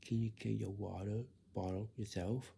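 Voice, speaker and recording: A man's voice: fairly low pitch, steady tone, creaky, warm tone, slight background noise. A man in a casual spoken explanation who repeats himself, halts often and slips into whispers now and then. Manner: repetitive, halting, drifts into whispers.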